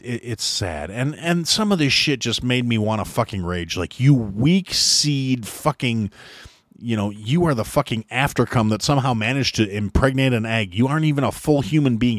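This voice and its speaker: A man's voice: medium pitch, dry recording, clean studio sound. A middle-aged man hosting a podcast, delivering an angry, sarcastic, profane rant and mocking others in whiny voices. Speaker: podcast host. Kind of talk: profane ranting monologue.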